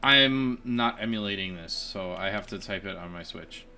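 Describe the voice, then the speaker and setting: A man's voice: fairly low pitch, moderate pace, creaky, bright, forceful tone. A man giving casual, chatty commentary on his own gameplay, laughing often and poking fun at himself. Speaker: let's play gamer.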